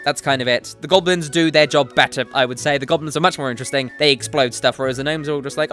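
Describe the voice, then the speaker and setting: A man's voice: fairly high pitch, fairly even intonation, fast talker, hardly any pauses, a bit bright, soft background music. A man hosting a gaming show, giving his opinions in a casual, jokey way with apologetic asides. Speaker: gaming commentary host. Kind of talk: casual solo opinion talk.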